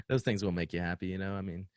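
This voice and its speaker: A man's voice: deep voice, no room sound, studio quality. A man co-hosting a casual chat, reacting bluntly and giving short comments. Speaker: podcast co-host.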